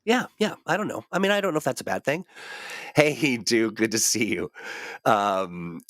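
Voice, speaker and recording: A man's voice: mid-range voice, lively intonation, normal speed, fairly bright tone, no echo, clean studio sound. A man hosting a casual livestream chat, rambling with many fillers and restarts while getting over a cold. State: recovering from a cold. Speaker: host.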